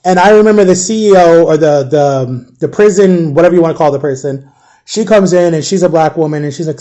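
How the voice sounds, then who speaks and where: A young man telling his own painful story, halting and repeating himself, close to tears at times. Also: a little high, mellow. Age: young adult. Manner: halting, repeats himself, acts out quoted voices. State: emotional, near tears. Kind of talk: personal storytelling.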